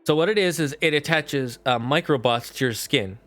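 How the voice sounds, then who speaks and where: A man streaming live, chatting casually as he recaps a film in a rambling, animated way with lots of fillers. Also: on the high side, moderate pace, no echo, faint music behind.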